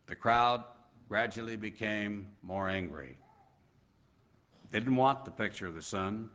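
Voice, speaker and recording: Man preaching with dramatic pauses. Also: on the low side, fairly bright tone. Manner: dramatic pauses, slow emphasis. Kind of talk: sermon storytelling.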